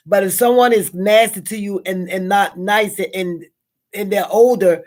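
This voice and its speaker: A woman's voice: mid-range voice, fairly even intonation, unhurried, a little mellow. Rambling Southern-accented woman host. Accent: Southern American. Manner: rambling, repeats herself, frequent fillers. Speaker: live stream host. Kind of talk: casual spoken reflection.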